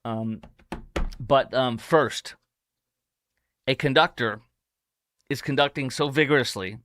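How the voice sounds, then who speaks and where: A man's voice: mid-range voice, slow pace, fairly bright tone, no room sound, studio quality. A man hosting a podcast, giving combative, sarcastic political commentary in a rambling way. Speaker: podcast host.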